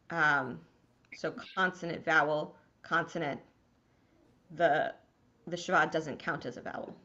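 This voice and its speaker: A woman's voice: deep voice, sharp tone, dull audio. A woman rabbi teaching a small class to read Hebrew, patient and encouraging.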